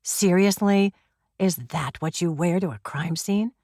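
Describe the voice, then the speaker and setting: A woman's voice: fairly low pitch, a little slow, darkish tone, no echo, studio quality. A woman voicing a sarcastic male police constable who needles his colleague, in an audiobook reading. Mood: matter-of-fact.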